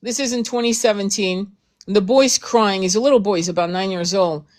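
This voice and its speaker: A woman's voice: medium pitch, a little fast, a little mellow. A woman hosting a casual talk stream, speaking bluntly and emphatically, swearing often and repeating herself as she makes her point. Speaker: host. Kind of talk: heated casual commentary.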